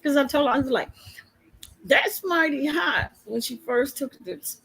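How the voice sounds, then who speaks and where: A woman's voice: high voice, steady tone, fast talker, creaky, breathy edge, poor audio. A woman police officer telling a casual story to camera, chatty and laughing often as she goes.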